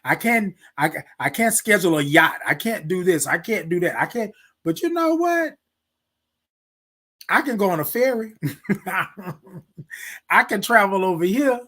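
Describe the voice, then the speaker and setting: An adult military veteran hosts a live morning stream, speaking directly to viewers with preachy motivational talk and repeating key phrases. His voice sits high and sounds pushed and bright, with lively intonation, a measured pace, and long pauses.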